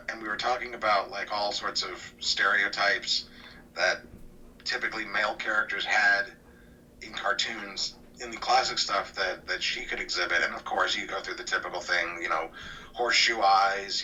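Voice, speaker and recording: A man guest talking casually about cartoons, rambling and restarting, often trailing off quieter. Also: lowish voice. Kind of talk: casual interview chat. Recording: distant mic with faint noise.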